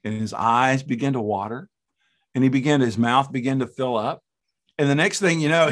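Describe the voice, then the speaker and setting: A middle-aged man preaching as a guest speaker, telling a story with lively, laughing delivery. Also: fairly high pitch, fairly quick. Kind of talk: storytelling sermon.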